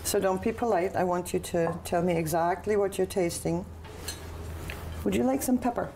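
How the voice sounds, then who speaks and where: A woman's voice: lowish voice, normal speed, vocal fry, background noise. A woman hosting a TV cooking show, chatting enthusiastically about the food and coaxing her guest to taste it. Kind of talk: casual chat on a TV cooking show.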